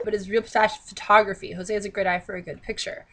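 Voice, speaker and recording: A woman's voice: mid-range voice, little pitch movement, fast talker, a loud crowd. A woman vlogger reading a novel aloud and breaking off into exasperated, sarcastic commentary. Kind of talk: read-aloud with mocking commentary.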